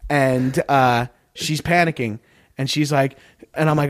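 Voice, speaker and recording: A man's voice: mid-range voice, steady tone, moderate pace. A man in his thirties casually telling comedic stories on a podcast, rambling and laughing often. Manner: rambling, laughs a lot, acts out quotes. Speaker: podcast guest.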